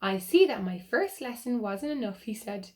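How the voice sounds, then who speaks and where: A woman's voice: mid-range voice, expressive, moderate pace, a little mellow, close to an everyday voice. A woman voicing a stern male wizard in a children's storybook, lecturing.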